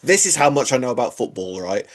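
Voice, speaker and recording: A man's voice: medium pitch, big pitch swings, quick pace. A man co-hosting a casual podcast, chatting with wry, dry humour. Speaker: podcast co-host. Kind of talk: casual chat.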